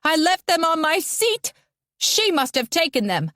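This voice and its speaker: A woman narrator voicing a stern, suspicious elderly woman who shouts accusations, in an audiobook. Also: sits high, big pitch swings, fairly quick, no room sound, studio quality, voice pushed up. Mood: shouting.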